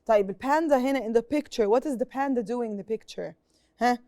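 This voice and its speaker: A woman's voice: a little high, racing, dark tone, no room sound. A young Egyptian woman teaching an English lesson on TV, asking pupils questions and repeating each point in Arabic. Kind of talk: TV classroom lesson.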